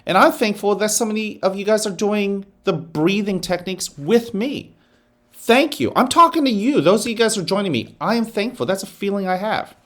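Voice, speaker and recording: A principal with a high, animated voice reads the morning announcements to students. Along the way he guides them through a breathing exercise at a slow, soothing pace.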